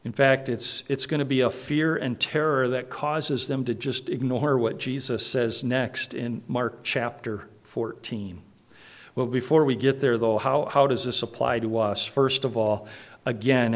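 A man's voice: mid-range voice, fairly even intonation, moderate pace. A man preaching a conversational sermon, with frequent restarts and asides to the congregation. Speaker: pastor.

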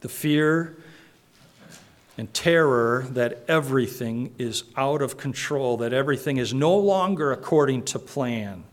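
A man's voice: medium pitch, measured pace. A man preaching a conversational sermon, with frequent restarts and asides to the congregation. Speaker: pastor.

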